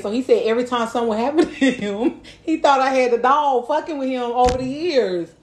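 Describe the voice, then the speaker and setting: A woman in her thirties co-hosting a casual podcast chat and telling stories in an animated way, laughing often and swearing freely. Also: a little high. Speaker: podcast co-host. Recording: echoey room.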